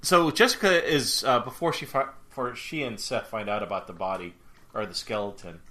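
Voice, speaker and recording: A man's voice: mid-range voice, fairly quick, bright, forceful tone. A man co-hosting a fan podcast in casual chat, thinking aloud and rambling off on side tracks. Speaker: podcast co-host.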